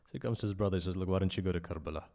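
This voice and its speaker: A low-pitched man delivering a sermon, his voice surging loud on key points and then falling to near-whispers. He tells a story in conversational English, full of emphatic repetition. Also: rapid-fire. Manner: impassioned, rising to loud emphasis and dropping to hushed asides. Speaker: speaker at a memorial majlis.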